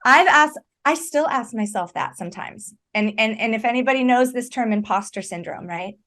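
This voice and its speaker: A woman's voice: a little high, moderate pace. A woman talking as a recovery coach in an earnest, conversational way, emphatic and often checking in with "right?". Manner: emphatic, animated, repeats "right?".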